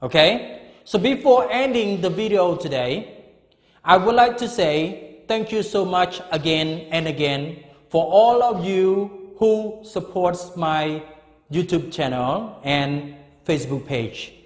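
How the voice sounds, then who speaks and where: A man's voice: high voice, animated, slow pace, echoey room, in a large hall. A middle-aged man teaching an English grammar lesson, repeating each word and often checking with "okay?".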